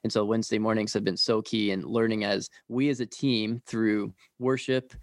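A man from the leads a ministry team and tells its story in casual conversation. He talks quickly and earnestly, with many fillers. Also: on the low side, level tone, dry recording, clean studio sound.

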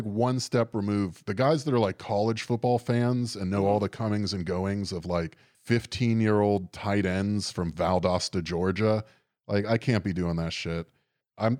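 A man's voice: fairly low pitch, a little mellow, no echo, studio quality. A young man chatting casually on a podcast, rambling and sardonic, swearing often and leaning on fillers. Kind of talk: casual chat.

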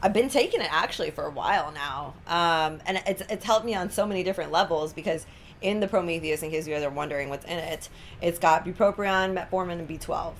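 A woman's voice: on the low side, fast talker, slight background noise. A woman in her thirties co-hosting a casual wellness talk, telling stories animatedly with gasps, laughs and acted-out quotes. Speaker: co-host of a wellness product talk. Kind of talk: casual storytelling chat.

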